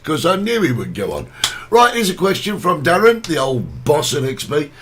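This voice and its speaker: Easygoing male host, lively pitch. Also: moderate pace, slight background noise. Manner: easygoing, leads the show and reads out questions. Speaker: talk show host. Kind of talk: casual chat.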